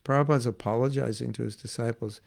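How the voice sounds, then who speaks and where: Gravelly man telling stories in class. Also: mid-range voice, fairly even intonation, quick pace, darkish tone. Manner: chatty, laughing, acts out quoted voices. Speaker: spiritual teacher giving a class. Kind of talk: informal devotional class with storytelling.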